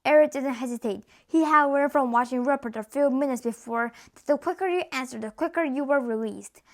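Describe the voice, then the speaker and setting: Woman narrator, high voice, steady read-aloud. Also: a little fast, hardly any pauses. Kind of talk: reading a novel aloud.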